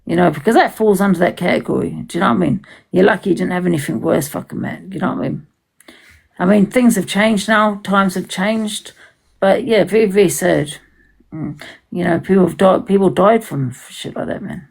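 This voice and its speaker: Creaky, husky woman chatting casually. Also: fairly low pitch, fairly quick, a little mellow, low-quality recording. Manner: rambling, swears freely, frequent restarts. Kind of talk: casual chat.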